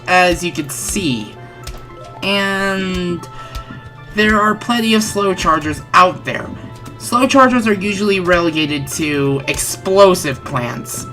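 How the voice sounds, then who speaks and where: Talking slowly through a let's-play, this female gaming channel host has a low voice carrying a bright, forceful edge. She sounds a bit congested and stuffy, wanders in her talk and often corrects herself, while game music plays faintly behind her.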